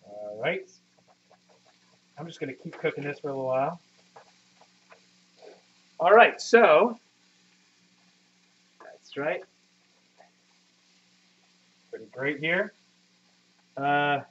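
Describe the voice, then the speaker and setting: A man's voice: fairly high pitch, expressive, slow pace, long pauses. A man in his thirties live-streaming from a home kitchen, chatting with viewers in a rambling, profane, self-deprecating way. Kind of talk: casual live-stream chat. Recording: muffled lo-fi stream audio.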